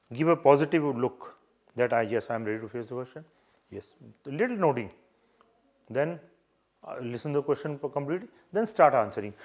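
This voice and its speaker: A man's voice: mid-range voice, a little mellow. An older man from India gives earnest advice on interview etiquette. He repeats key points and acts out greetings and gestures as he goes. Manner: earnest, repetitive advice with demonstrations. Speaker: interview coach. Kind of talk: live coaching session.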